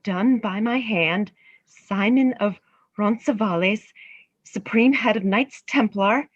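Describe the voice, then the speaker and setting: A woman's voice: medium pitch, takes it slowly, no room sound, lo-fi sound. A woman reading the part of a learned, earnest female treasure hunter in a staged play reading.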